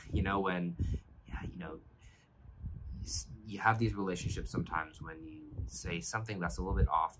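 Deep-voiced man giving a devotional. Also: very noisy. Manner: earnest, reflective, with frequent restarts. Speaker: pastor. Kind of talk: devotional sermon.

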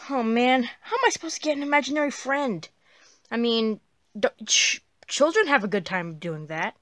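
A woman voicing a whiny, excitable young male dinosaur in a plush puppet comedy. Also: fairly high pitch, a little slow, long pauses, dry recording, clean studio sound. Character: whiny young male dinosaur who wants an imaginary friend.

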